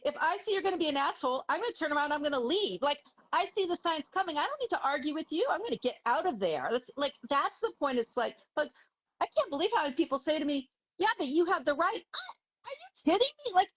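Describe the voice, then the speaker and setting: A middle-aged woman, a dog trainer, guesting on a casual chat. Her voice is high and quick, and she talks bluntly and candidly. The audio is muffled and lo-fi, as over a video call. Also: very animated.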